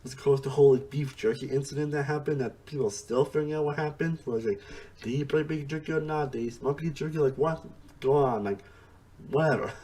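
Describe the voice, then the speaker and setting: A man with a mellow, slightly high voice gives a quick, casual review of a TV series. As he rambles, he restarts sentences mid-thought and leans on the words "honestly" and "again."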